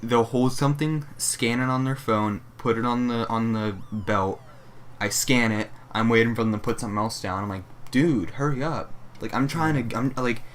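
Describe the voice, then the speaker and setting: A man's voice: medium pitch, moderate pace, a bit bright. A young man co-hosting a casual chat, ranting profanely about customers and acting them out in mock voices. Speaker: co-host. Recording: faint background noise.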